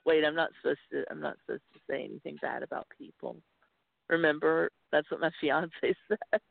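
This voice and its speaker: A woman's voice: sits low, fairly even intonation, a little fast, creaky, no room sound. A woman in her forties from North Carolina with a Southern accent, chatting and laughing as a podcast guest. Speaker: guest, wrestling commentator. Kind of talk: casual podcast chat. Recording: tinny phone-line audio.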